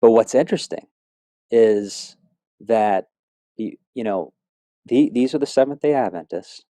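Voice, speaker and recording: A man's voice: mid-range voice, lively intonation, a little slow, dark tone, no echo. A middle-aged man telling his personal faith testimony in an earnest, rambling way, with many fillers and restarts. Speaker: speaker sharing a testimony.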